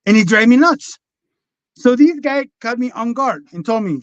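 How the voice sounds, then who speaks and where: A man with a high-pitched voice tells his own story in a candid, rambling way, swearing freely and talking bluntly. The sound is dry and close, and a bit dull and lo-fi. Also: animated, normal speed, no echo. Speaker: podcast guest.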